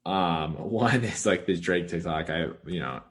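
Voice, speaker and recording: Speaking a bit slowly in a low register, a young man co-hosts a podcast. His casual chat rambles, full of filler words and frequent chuckles.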